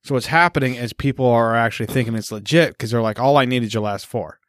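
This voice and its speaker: A man's voice: medium pitch, quick pace, dry recording. Male podcast host, casual crude banter, dry recording. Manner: crude, joking, laughs often. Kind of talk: casual chat.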